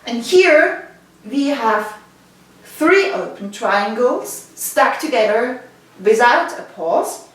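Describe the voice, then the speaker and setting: A woman's voice: a little high, expressive, takes it slowly. A woman with a Swiss German accent teaching body percussion, patiently counting rhythms aloud and checking in with her listeners. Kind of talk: instructional video lesson. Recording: very echoey room, distant mic, faint noise.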